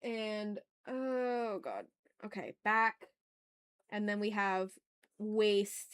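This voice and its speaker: A woman's voice: medium pitch, lively intonation, drawn-out words, smooth. A young adult woman streaming as she draws, chatting casually and talking through each step aloud, often apologizing with a laugh at herself. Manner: apologetic, self-deprecating asides. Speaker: art streamer. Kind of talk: casual chat while drawing live.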